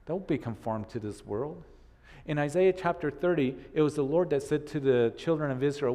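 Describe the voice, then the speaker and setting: A man's voice: a little high, moderate pace, dark tone. A man preaching a sermon in earnest, repeating phrases and voicing the doubts of his listeners. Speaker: pastor. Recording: long hall reverb.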